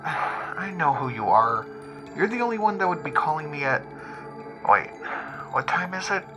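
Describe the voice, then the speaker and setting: A weary, impatient sheriff's deputy, played by a man, sighing through a late-night phone call. His intonation swings widely. Music plays clearly behind him in this horror audiobook. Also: on the high side, animated, a little slow. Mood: irritated. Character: tired, grumpy male sheriff's deputy woken at night.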